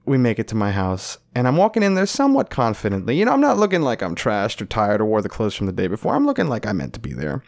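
A young adult man from Florida telling a comic story, animated and profane, laughing often. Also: on the low side, fast talker, gravelly, hardly any pauses. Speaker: comedian. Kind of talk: comedic storytelling.

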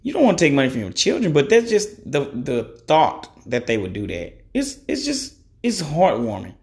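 Swooping wildly in pitch, his fairly high, somewhat mellow voice moves at a normal speed. He's a thirty-something man hosting a podcast, offering frank opinions in casual monologue, cursing openly and constantly saying "you know."

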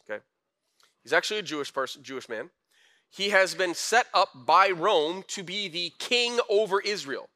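A young man preaching a casual, conversational sermon with slang and animated asides. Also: high-pitched. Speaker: pastor.

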